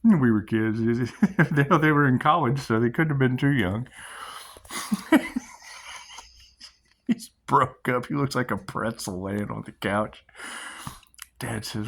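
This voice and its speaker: A man's voice: medium pitch, slow pace, long pauses, a bit bright. A middle-aged man hosting his own channel, giving a rambling spiritual monologue and storytelling, swearing casually and laughing often. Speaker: channel host.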